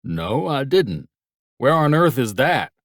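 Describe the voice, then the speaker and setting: An older father drawls his words slowly in an audiobook, with a gritty, unhurried edge, as a man puts him on. The voice is pitched a little above the reader's own low tone. The sound is close and dry, with no room around it. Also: sing-song, no room sound, full character voice. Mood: easygoing. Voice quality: slow drawl. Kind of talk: audiobook character voice.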